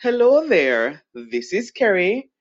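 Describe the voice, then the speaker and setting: A man's voice: sits high, sing-song, slow. A Jamaican man who teaches English, giving earnest and emphatic answers, first in patois and then in careful standard English. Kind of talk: recorded answers to podcast questions. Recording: dull lo-fi recording.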